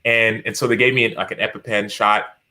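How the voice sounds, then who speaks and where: A man's voice: fairly low pitch, little pitch movement, a little fast, sharp tone, slight background noise. A man in his thirties, a podcast guest and author, telling stories animatedly in a casual interview, acting out quotes with many restarts.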